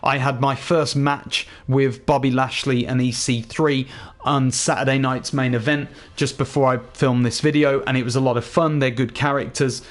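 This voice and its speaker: An English gaming YouTuber wraps up his video with a casual outro, chatting to viewers in an earnest, rambling way. His medium-pitched voice is flat in delivery and moves at normal speed.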